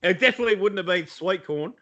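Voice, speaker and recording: High-voiced and quick, he sounds pushed and bright on a lo-fi recording. He's an Australian co-host on a relaxed podcast chat over video call, swearing liberally in blokey sports banter from his home in Iowa.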